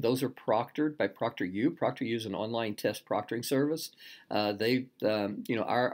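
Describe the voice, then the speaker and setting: Halting, filler-heavy male instructor. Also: fairly low pitch. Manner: halting, many fillers and restarts, self-deprecating asides. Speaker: course instructor and graduate program director. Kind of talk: casual recorded course walkthrough.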